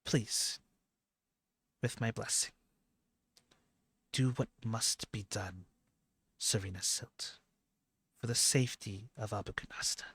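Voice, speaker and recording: A man voicing a calm, courteous female noble who speaks in a polite, formal way. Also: fairly low pitch, slow, pauses often, breathy edge, no room sound, exaggerated voice.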